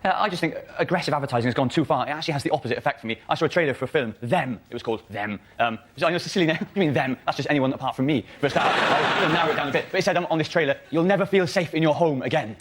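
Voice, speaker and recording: Rapid-fire bemused male stand-up. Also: a little high, fairly bright tone. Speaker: comedian. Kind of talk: stand-up routine. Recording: noisy studio.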